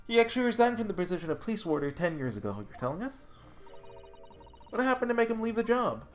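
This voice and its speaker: Animated player reading a game aloud. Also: medium pitch, fast, faint music behind. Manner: animated, chatty, stumbles over lines. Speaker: let's player. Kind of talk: casual game commentary, reading dialogue aloud.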